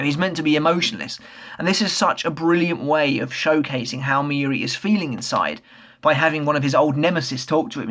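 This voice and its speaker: A man casually reviewing a comic chapter, excitable, swearing freely and filling pauses with lots of ums. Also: fairly high pitch. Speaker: manga reviewer.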